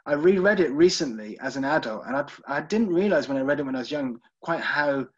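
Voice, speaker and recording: A man's voice: a little high, animated, fairly quick, breathy edge, highs cut off. A man with a British accent leads a live online literary tour, chatting casually with viewers and using plenty of ums. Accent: British English. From United Kingdom. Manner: chatty, checks in with listeners, frequent ums. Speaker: virtual tour guide.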